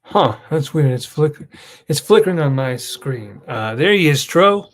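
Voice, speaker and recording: A man's voice: fairly high pitch, lively intonation, moderate pace. A young man hosting his channel, telling an emotional story in a rambling casual way. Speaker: host. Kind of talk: casual chat.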